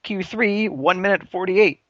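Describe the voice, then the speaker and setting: A man's voice: high-pitched, measured pace, a bit bright, no echo. Chatty man, dry lo-fi podcast audio. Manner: chatty, analytical, uses many fillers. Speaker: podcast co-host. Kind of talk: casual chat. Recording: dry, dull lo-fi sound.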